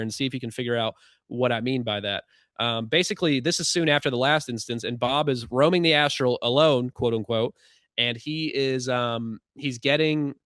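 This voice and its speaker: A man hosting a podcast who talks quickly in a casual, wry, animated way. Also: mid-range voice, dry recording, clean studio sound. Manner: fast-talking, animated, wry. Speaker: podcast host. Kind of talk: casual conversational commentary.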